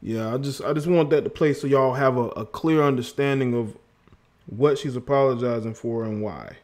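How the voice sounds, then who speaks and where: A man hosts a livestream and comments on a clip he has just played. His voice sits at an ordinary middle pitch. He mocks what he heard, laughs, and keeps repeating words to make his point. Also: normal speed, darkish tone. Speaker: livestream host.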